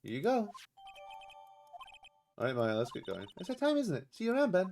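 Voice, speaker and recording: A man's voice: high voice, huge pitch swings, fairly quick, darkish tone, soft background music, voice pushed up, heavily acted. A man voicing a cheerful young woman sidekick from a game on a stream. She talks in a bubbly, chirpy way.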